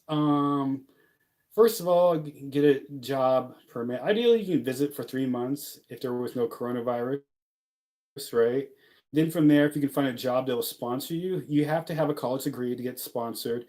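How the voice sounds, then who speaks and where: A man's voice: medium pitch, dark tone. A young man chatting casually in a vlog, rambling and joking, with many fillers and laughs. He is from the United States. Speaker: vlogger living abroad. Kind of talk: casual talking-head vlog.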